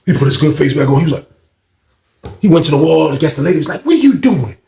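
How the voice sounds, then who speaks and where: A man's voice: on the high side, fairly even intonation, very fast, vocal fry, mellow, reverberant. A man casually telling a story in a loose, rambling way full of slang.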